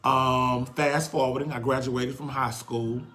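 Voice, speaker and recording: A man's voice: medium pitch, steady tone, bright, forceful tone. Earnest man sharing his story. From Houston, Texas. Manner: earnest, halting, emotional storytelling. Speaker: host. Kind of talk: personal testimony on a livestream.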